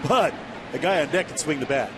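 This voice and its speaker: A man's voice: a little high, animated, fairly quick, noisy background. A man giving color commentary on a baseball game with matter-of-fact remarks on strategy. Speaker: color analyst.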